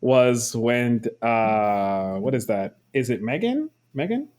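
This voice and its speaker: A man's voice: medium pitch, sing-song, slow, a little mellow. A man hosting a podcast, talking in a laid-back, slangy way about a film. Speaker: podcast host. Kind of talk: casual chat.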